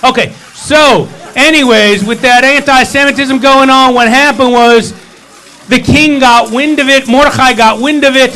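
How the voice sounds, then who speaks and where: A man's voice: extremely high pitch, fairly even intonation, moderate pace, bright, forceful tone, poor audio. Joking man retelling a holiday tale. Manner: joking, playful asides. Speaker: service leader. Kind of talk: humorous storytelling at a service.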